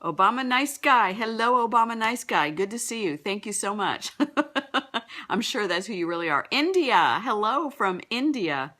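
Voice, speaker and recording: A woman's voice: medium pitch, expressive, moderate pace, sharp tone. A middle-aged woman with a Texan accent, a business coach chatting upbeat on a live broadcast and greeting viewers, stumbling over names.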